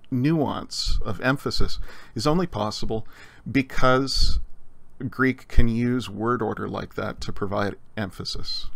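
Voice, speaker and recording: A man teaching a recorded lesson on Greek grammar, explaining in a measured way with frequent fillers. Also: medium pitch, creaky, a bit bright, no room sound. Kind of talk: recorded lecture.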